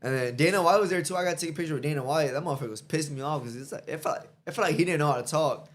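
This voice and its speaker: A man's voice: fairly high pitch, racing. A man guest on a podcast, telling stories in casual, profane chat, laughing often and acting out what people said. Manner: profane, laughing storyteller who acts out quotes.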